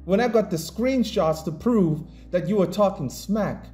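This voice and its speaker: Angry ranting man, mellow voice. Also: sits high, lively intonation, measured pace, faint music behind. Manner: combative, mocking and insulting. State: pissed off. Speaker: independent comic creator and commentator. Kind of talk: angry commentary rant.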